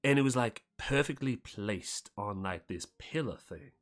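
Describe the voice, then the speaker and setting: A man's voice: lowish voice, animated, a little slow. A man running a tabletop game as game master, improvising and rambling with lots of "like".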